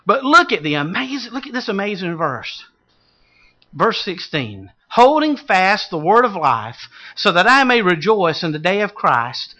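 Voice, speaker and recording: A man preaching a sermon, swinging from loud calls to hushed low asides. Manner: dramatic shifts from shouting to hushed low tones.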